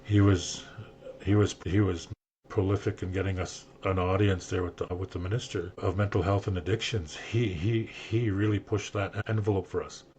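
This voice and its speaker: An older man on a podcast, earnestly telling a personal story and acting out what people said to him, with a husky voice. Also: deep voice, steady tone, normal speed, a little mellow, a little hiss or hum. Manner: earnest, emotional storyteller who acts out quoted speech. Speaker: guest sharing his story.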